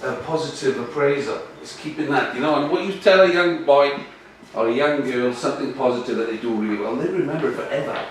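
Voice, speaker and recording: Male coach giving an animated workshop talk, distant mic, echoey room with faint noise. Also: mid-range voice, fast talker. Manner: lively, animated, addresses audience directly.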